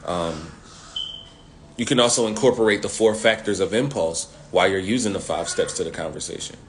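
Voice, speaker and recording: Male sales coach, lowish voice, animated slangy delivery, repeats catchphrases, faint noise. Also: a little fast. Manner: animated, repeats key phrases, uses slang.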